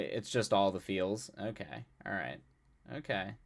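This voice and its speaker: A man's voice: low-pitched, a little slow, gravelly. A young man hosting a live stream, chatting casually with his viewers, rambling and self-mocking with frequent laughs and restarts. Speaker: livestream host. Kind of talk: casual chat with chat readers.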